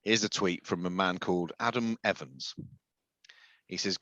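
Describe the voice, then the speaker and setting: A man's voice: sits low, fairly even intonation, moderate pace, long pauses, pushed and bright, no echo. A man co-hosting a casual podcast chat, with a dry, sardonic manner, chuckling as he reads things out. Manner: dry, sardonic, laughs while reading tweets. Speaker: podcast co-host. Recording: dull, muffled dry sound.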